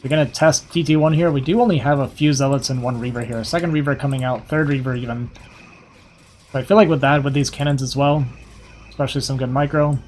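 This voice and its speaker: A young man giving casual, quick play-by-play commentary on a strategy game match, a little hoarse and thinking aloud as he goes. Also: mid-range voice, fairly even intonation, a little mellow, slight background noise. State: slightly hoarse, losing his voice. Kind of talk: live esports play-by-play commentary.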